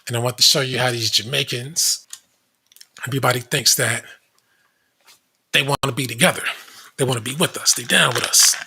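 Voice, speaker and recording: A man's voice: mid-range voice, moderate pace, creaky, pauses often, sharp tone, husky. A man hosting a commentary show, casually reading web pages aloud with blunt asides. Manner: blunt, reads aloud from screen, frequent asides.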